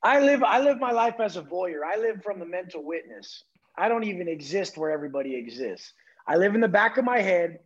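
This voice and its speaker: A man speaks in a fairly high, husky voice, blunt and profane as he drives home his points. The recording sounds dull and lo-fi. He talks with relentless intensity. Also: lively intonation, fairly quick. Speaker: podcast guest. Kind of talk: intense motivational talk.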